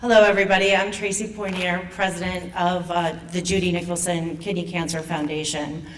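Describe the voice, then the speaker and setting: Casting: woman in her 50s, lowish voice, nervous and halting, picked up from afar in a hall. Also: flat delivery. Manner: nervous and emotional, halting with restarts. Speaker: foundation president and patient speaker. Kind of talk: personal story told to an audience. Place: event venue. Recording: distant mic with faint room noise.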